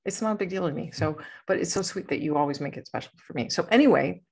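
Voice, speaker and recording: A woman's voice: fairly low pitch, quick pace, vocal fry, darkish tone, a little hiss or hum. A woman hosting a podcast, chatting casually in a rambling, playful way and laughing often. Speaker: podcast host. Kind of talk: casual chat.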